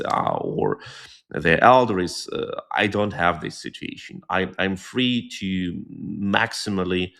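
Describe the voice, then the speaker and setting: Male interview guest, low and gravelly, blunt but halting delivery. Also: fairly bright tone. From born near Moscow, Soviet Union. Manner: earnest, searches for words with frequent pauses; outspoken and blunt. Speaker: guest volunteer. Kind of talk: conversational interview answer.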